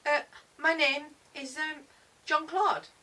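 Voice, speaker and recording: A woman voicing a shy, apologetic teenage boy with a French accent, speaking halting, broken English. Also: high-pitched, steady tone, pushed and bright, pitched above the performer's own voice, heavily acted. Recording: distant mic with faint hiss.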